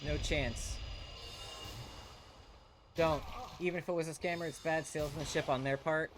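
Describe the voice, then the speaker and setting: A man's voice: on the high side, fairly even intonation, moderate pace, over music. A young man streaming a video game, chatting casually with his viewers in a rambling, profane way full of restarts. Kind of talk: casual live-stream chat while playing.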